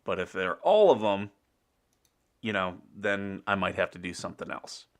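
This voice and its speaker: A man's voice: deep voice, animated, normal speed. A middle-aged man from the US, hosting a casual morning livestream, rambling with fillers and frequent chuckles. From United States. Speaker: show host.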